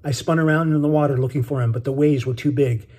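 A man reading his own novel aloud in steady, measured scripted narration. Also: medium pitch, slightly rough.

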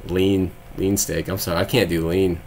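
A man's voice: low voice, flat delivery, moderate pace, a little mellow. A young man from Texas, live-streaming and chatting casually with viewers, rambling with frequent laughs and sarcastic asides.

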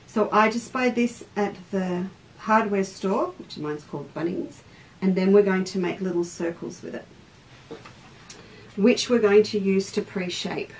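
A woman's voice: mid-range voice, measured pace, far from the mic, rough recording. An Australian woman leads a live sewing lesson in a chatty, easygoing way and greets her viewers between steps. Her voice sits a little away from the mic. A faint background noise runs under it. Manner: chatty, stops mid-task to greet viewers by name. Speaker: craft teacher and shop host.

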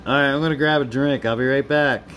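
A man's voice: medium pitch, fairly even intonation, fast talker, fairly bright tone, slight background noise. Chatty live-streaming man reading comments. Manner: chatty, laughs often, talks to viewers by name. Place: home.

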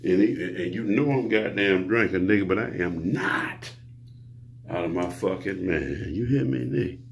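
A man's voice: low voice, normal speed, vocal fry, a little hiss or hum. A man preaching a rambling monologue to his viewers, grandiose and profane, lecturing the listener. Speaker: self-styled preacher.

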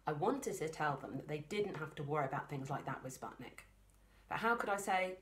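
A woman librarian reading a children's book aloud, expressive and chatty, stopping for asides. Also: low-pitched, brisk. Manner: lively, expressive storytelling with asides.

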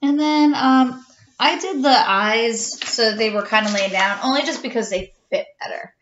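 A woman's voice: fairly high pitch, normal speed, noisy background. A middle-aged woman, an art teacher, talking step by step through a drawing tutorial in a chatty way. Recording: echoey room, dull lo-fi sound.

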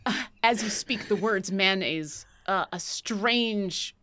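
Bright-voiced woman running a tabletop game. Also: mid-range voice, slow, slight background noise. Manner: lively, playful scene-setting. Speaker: dungeon master.

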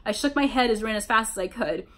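A woman reading a fan story aloud in an animated, mock-dramatic way, adding wry comments of her own. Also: fairly high pitch, quick pace. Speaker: reader, channel host.

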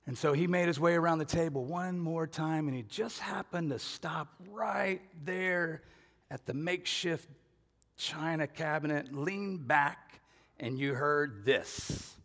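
A man preaching a sermon as a pastor, telling a family story in an animated way and acting out voices with shouts and laughs. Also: a little high, unhurried. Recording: long hall reverb.

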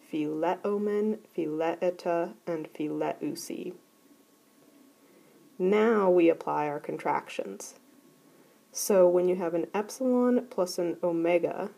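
A woman teaching a recorded grammar lesson, explaining clearly and methodically. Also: fairly low pitch, dark tone. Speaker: Greek teacher.

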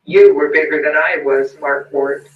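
Man reading a calm matter-of-fact insurance guy, kinda high voice, echoey far off. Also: unhurried, slight background noise, lightly acted. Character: calm, composed middle-aged businessman. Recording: roomy, distant, muffled recording.

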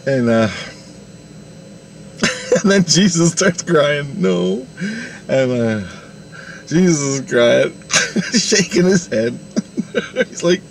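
A man's voice: a little high, gravelly, slight background noise. A man rambling through a spiritual vision story, laughing often and acting out the dialogue.

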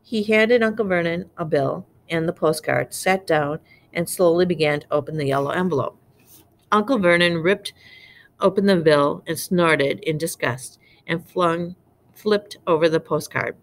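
Low, gravelly woman reading aloud. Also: measured pace. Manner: unpolished, stumbling over words. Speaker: reader.

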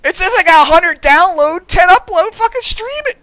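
A man's voice: extremely high pitch, moderate pace, dry recording, rough recording. A young man ranting to his live stream audience, swearing constantly and mocking people with put-on voices. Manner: profane, animated storytelling with mocking voices.

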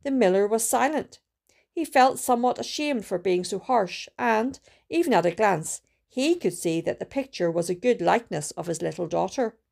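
A woman reading a storybook aloud with a steady, careful delivery and small restarts. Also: medium pitch, moderate pace, vocal fry. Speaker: student reader.

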